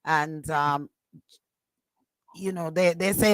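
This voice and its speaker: A woman's voice: medium pitch, animated, unhurried, no room sound, rough recording. A woman with a Jamaican accent speaking on a radio panel, hesitant and full of fillers as she talks it through. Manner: hesitant, many fillers and restarts, agreeing murmurs. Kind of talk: casual panel discussion.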